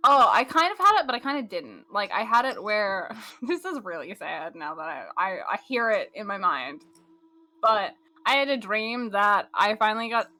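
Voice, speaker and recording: A woman's voice: mid-range voice, very animated, moderate pace, sharp tone. A woman streamer chatting casually while gaming, in a valley girl drawl full of "like".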